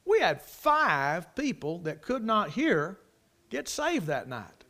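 A man's voice: sits high, big pitch swings, slow pace, pushed and bright. A middle-aged man preaching a sermon in a folksy manner, swelling into emphatic bursts. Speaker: preacher, Bible college teacher.

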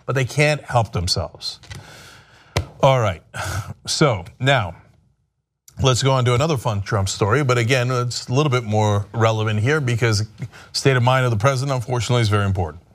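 A man's voice: medium pitch, fairly quick. A man hosting a sarcastic political commentary show, talking animatedly and mocking his subjects.

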